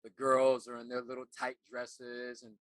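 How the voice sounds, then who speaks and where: A middle-aged man, an actor turned life coach, telling a personal story in an earnest, halting way and often repeating words as he remembers. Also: medium pitch, completely flat delivery, fairly bright tone, clean tone, no echo.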